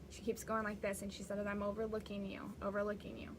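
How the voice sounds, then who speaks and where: A woman's voice: mid-range voice, monotone, fast talker, noisy background. A woman hosting a live-streamed spiritual reading as a psychic medium, talking in a rambling, chatty way and often restarting.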